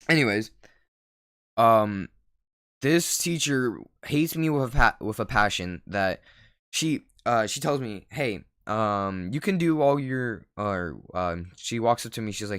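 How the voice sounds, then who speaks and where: A man's voice: fairly low pitch, animated, slow pace, long pauses, fairly bright tone, smooth, no echo, clean studio sound. A teenage boy vlogging, telling a rambling story full of fillers and laughing at himself. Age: teens. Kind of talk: casual storytelling.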